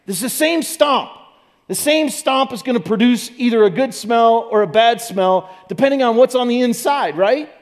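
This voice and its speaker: Pastor, male, higher-pitched voice, relaxed conversational sermon delivery with questions to the congregation. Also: moderate pace. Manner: conversational, asks the audience questions, demonstrates with props. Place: church stage.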